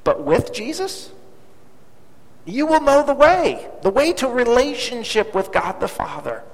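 A man's voice: very high-pitched, big pitch swings, measured pace, vocal fry. A man preaching a sermon with storytelling, dramatic and emphatic, repeating key phrases. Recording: long hall reverb.

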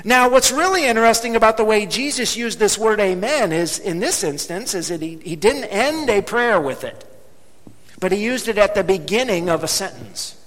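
A man preaching a sermon as pastor, speaking emphatically and slowing down to drop low on key words. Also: expressive, fairly bright tone. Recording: long hall reverb.

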